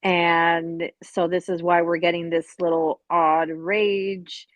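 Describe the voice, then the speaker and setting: A woman with a fairly low voice, commenting as a guest on a live stream. She sounds critical and matter-of-fact, close to the mic in a dry room. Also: little pitch movement, slow, no echo. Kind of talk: casual live-stream chat.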